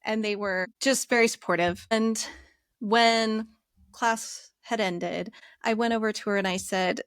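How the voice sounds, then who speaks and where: A woman's voice: medium pitch, measured pace, dry recording, studio quality. A woman middle school teacher being interviewed, telling a classroom story and acting out the dialogue in it. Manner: animated, acts out dialogue in her story.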